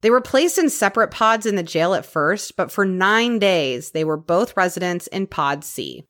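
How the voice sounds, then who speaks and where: A woman co-hosting a true crime podcast, walking her friend through the case. Her voice sits at a middling pitch but moves a great deal, rising and falling as she tells the story. She reads court details aloud in a lively storytelling way. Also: moderate pace. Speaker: podcast co-host.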